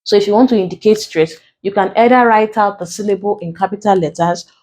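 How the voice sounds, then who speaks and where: A woman with a Nigerian accent teaching an exam prep English lesson, explaining slowly and repeating key terms. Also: mid-range voice, darkish tone. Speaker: English tutor.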